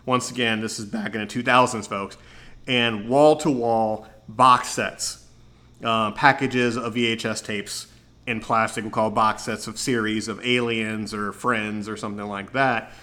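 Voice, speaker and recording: A man hosting his own show, chatting casually and describing places in a relaxed, rambling way. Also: fairly low pitch, measured pace. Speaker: podcast host. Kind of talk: casual chat.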